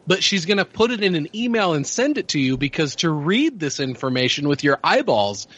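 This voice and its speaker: A man's voice: on the high side, very animated, brisk, fairly bright tone, highs cut off. A man chiming in with sarcastic, swearing remarks in casual chat.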